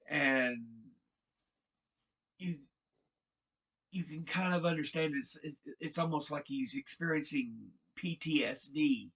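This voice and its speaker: Slow, halting man recapping a show. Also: fairly high pitch, a bit bright, slightly rough. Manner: halting, repeats words as he restarts. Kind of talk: casual episode recap.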